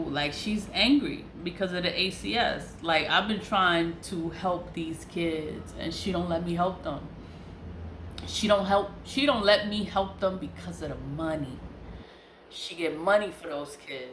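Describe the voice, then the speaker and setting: A woman's voice: fairly low pitch, measured pace, a bit bright. Heated, profane woman in an echoey room. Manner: heated, profane, repeats herself for emphasis. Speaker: online seller and vlogger. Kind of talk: candid venting monologue. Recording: roomy echo with faint background noise.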